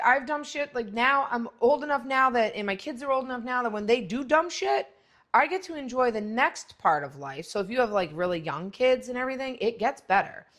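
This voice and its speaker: A middle-aged woman with a fairly high voice hosts her own podcast and talks straight to the listener. Her speech is blunt and full of swearing, rambling along with plenty of "like" before it jumps into loud, high exclamations. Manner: blunt and profane, rambling with lots of "like". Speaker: podcast host. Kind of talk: casual monologue.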